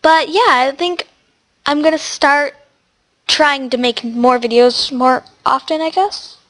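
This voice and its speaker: Speaking slowly in a high, fairly bright voice, a sniffly, congested teenage girl rambles through a relaxed gaming tutorial she hosts. She's chatty and talks to the animals on screen.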